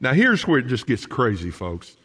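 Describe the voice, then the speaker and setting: Male pastor, folksy and animated sermon delivery, pitch all over the place, church hall reverb. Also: moderate pace, slightly rough. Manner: animated, folksy preaching with asides to the congregation. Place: church sanctuary.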